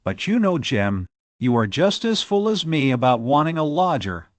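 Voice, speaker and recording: A man reading an audiobook, voicing an eager, bold young maidservant with rustic country speech and a quick, pleading manner. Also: on the high side, very animated, no echo, pitched above the performer's own voice. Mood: coaxing. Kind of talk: audiobook character voice.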